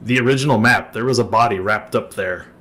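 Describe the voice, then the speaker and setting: A man narrating a tabletop role-playing game as game master, laughing often in relaxed storytelling. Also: on the low side, brisk, heavy background noise.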